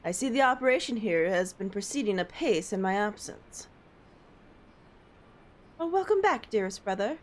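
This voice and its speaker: A woman's voice: medium pitch, lively intonation, moderate pace, long pauses, a little hiss or hum, lightly acted. A woman voicing a formal young noblewoman, reading game dialogue aloud.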